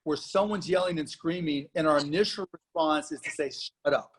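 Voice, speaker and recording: Guy on a panel, kinda high voice, animated, acts stuff out. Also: brisk, breathy edge. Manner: animated, acts out shouting moviegoers. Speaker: guest panelist. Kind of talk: panel discussion.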